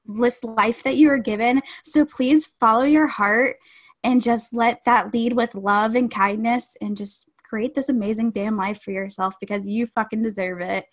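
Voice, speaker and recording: A woman's voice: a little high, fairly even intonation, normal speed. A woman who is a podcast guest, chatting casually in a bubbly, giggly way and swearing for emphasis. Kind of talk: casual interview chat.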